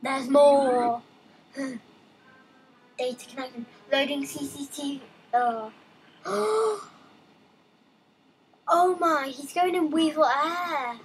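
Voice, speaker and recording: High-voiced young woman gaming chatter. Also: slow, long pauses, rough recording. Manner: chatty, reads game text aloud, excitable asides. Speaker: let's play gamer. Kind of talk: casual game commentary.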